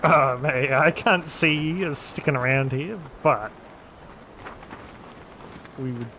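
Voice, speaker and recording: Guy streaming a survival game, mid pitch, jokey rambling chat, bit of background hiss. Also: slow pace, bright, forceful tone, muffled recording. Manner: joking, trails off mid-sentence. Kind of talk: casual gaming chat.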